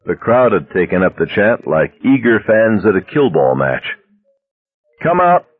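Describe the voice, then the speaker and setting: A man narrating a story aloud in a steady, measured reading. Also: low voice. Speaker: audiobook narrator. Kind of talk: scripted narration. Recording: dry tinny phone-like sound.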